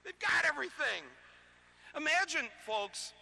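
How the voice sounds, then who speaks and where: A man speaks to a live audience in a high, sharp voice with a gravelly edge. He keeps the talk loose and conversational, trips over his words and chuckles between points. He is amplified through a stage microphone. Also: sing-song, a little slow, a little hiss or hum. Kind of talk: live political talk with comic asides. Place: public lecture venue before an audience.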